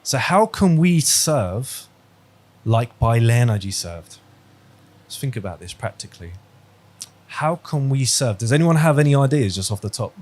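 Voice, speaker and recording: A man's voice: medium pitch, sing-song, measured pace, a little mellow. Man teaching an online class. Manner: conversational, quizzing students, storytelling. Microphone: video call.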